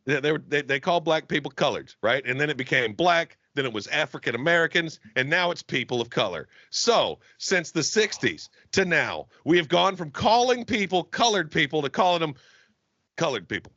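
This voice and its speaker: Casting: bright, sharp man, profane rambler, dry muffled mic. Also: fairly high pitch, sing-song, fairly quick, dry recording. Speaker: podcast host. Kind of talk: casual podcast chat. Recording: dry, slightly dull sound.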